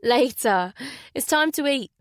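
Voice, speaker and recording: A woman voicing a warm, lively aunt in an audiobook. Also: sits high, a little slow, no echo, clean studio sound. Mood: teasing.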